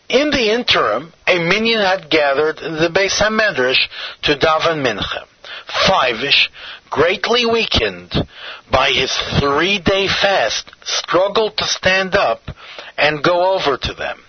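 A man narrating a scripted story in a measured, expressive reading. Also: on the high side, slightly rough, dry recording. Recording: dull, dry lo-fi recording.

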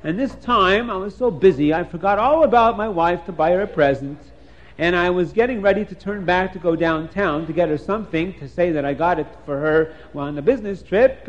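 A man voicing a talkative, excitable poet who is a husband, rambling on in a storyteller's telling. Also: high voice, lightly acted. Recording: dull lo-fi recording.

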